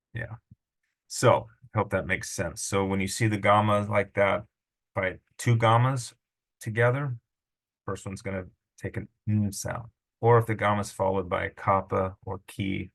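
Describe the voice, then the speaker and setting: A man's voice: lowish voice, vocal fry, breathy edge. A middle-aged man teaching a language lesson, patiently sounding out syllables and correcting himself as he goes. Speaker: Greek teacher. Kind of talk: screen-recorded lesson.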